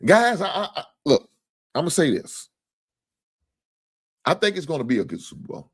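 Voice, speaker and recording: A man's voice: a little high, sing-song, moderate pace, husky. A man hosting a casual sports talk livestream, joking, swearing freely and thanking viewers for donations. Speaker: sports talk show host.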